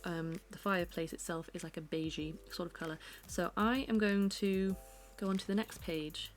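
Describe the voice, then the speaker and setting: Chatty British woman, lowish voice. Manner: chatty, self-deprecating, rambling asides. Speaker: art vlogger. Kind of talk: casual chat while sketching. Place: her living room at home.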